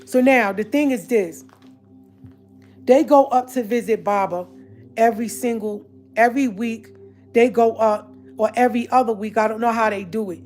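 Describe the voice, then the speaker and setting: A woman with a high-pitched voice delivers an emphatic, confrontational rant straight to her viewers, repeating her points over and over. Faint music sits low in the background. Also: normal speed, a little mellow. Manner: emphatic, repetitive, confrontational, talks straight to the audience. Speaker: online commentator addressing viewers. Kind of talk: casual direct-to-camera rant.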